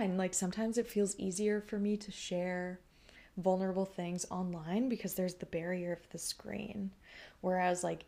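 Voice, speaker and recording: A woman's voice: fairly low pitch, vocal fry, warm tone. A young woman hosting a podcast, talking candidly and effusively in a casual personal monologue, swearing and laughing freely. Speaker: podcast host.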